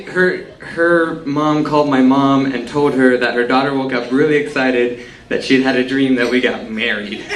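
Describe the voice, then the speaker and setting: Man in his twenties telling a wry story on stage. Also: fairly high pitch. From Texas, USA. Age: 20s. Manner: wry, self-mocking comic delivery. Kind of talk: live comic storytelling on stage. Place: stage at a live storytelling event. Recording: echoey room, distant mic, faint hiss.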